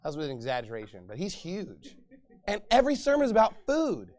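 A middle-aged pastor delivers a sermon in a lively, conversational style, voicing the people he quotes and laughing from time to time. His voice is high and he talks slightly fast.

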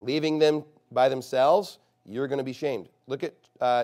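A man preaching a sermon, moving between quiet, low passages and loud, emphatic ones and slowing down to stress key phrases. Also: fairly even intonation.

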